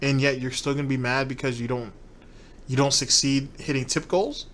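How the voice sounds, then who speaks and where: A man's voice: medium pitch, fairly even intonation, moderate pace, heavy background noise. A man ranting in commentary about a streamer and his fans, profane and scornful.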